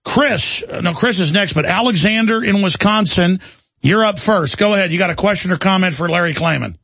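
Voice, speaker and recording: Man, radio host, impassioned ranting, rough voice, dry studio sound. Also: high voice, brisk, fairly bright tone, no room sound. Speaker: radio talk show host. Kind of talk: talk radio commentary.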